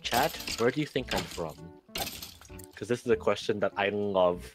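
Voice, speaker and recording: A co-streamer chatting on a livestream, halting and curious, restarting phrases often. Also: low voice, music in the background. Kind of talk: casual chat on a livestream.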